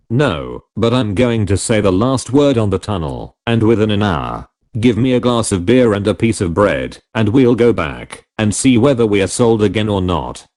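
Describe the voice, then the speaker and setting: A man's voice: on the low side, darkish tone. A man reading a wry, teasing Irish friend. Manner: teasing, mock-patient delivery. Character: wry Irish young man, mocking and patient.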